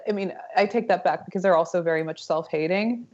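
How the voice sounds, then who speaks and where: A woman guest talks over a video call in a drawling, ironic, provocative way. Her voice is low, and the call audio is dull and muffled. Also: fast talker, darkish tone. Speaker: podcast guest.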